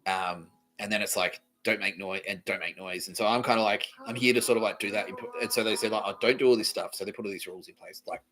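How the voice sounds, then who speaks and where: A man's voice: lowish voice, fast talker, few pauses, low-quality recording. A man hosting a podcast, telling a rambling comedic story full of swearing and acted-out quotes. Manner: swearing, animated, acts out quoted voices. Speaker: podcast host.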